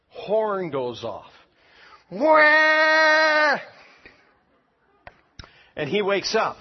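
A man preaching in a church service, telling a funny story with animated laughter and then softly inviting people forward to pray. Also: mid-range voice, slightly rough, dull audio. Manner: animated storyteller who laughs at his own tale, then soft pleading invitation. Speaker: pastor. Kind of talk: sermon with humorous story and altar call.

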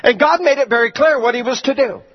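A man's voice: extremely high pitch, quick pace, long reverb tail. A male pastor preaching a sermon, telling stories with emphasis, on a dull lo-fi recording.

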